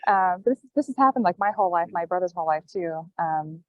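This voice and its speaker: A woman guest telling a personal story in casual chat, with halting, thoughtful pauses, calling in from an airport gate over a video call. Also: fairly low pitch, lively intonation, no room sound. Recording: dull, dry call audio.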